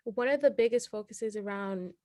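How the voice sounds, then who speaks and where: A woman's voice: medium pitch, normal speed, darkish tone, dry recording, clean studio sound. An eighteen-year-old woman, a city council candidate answering interview questions earnestly, rambling and laughing often.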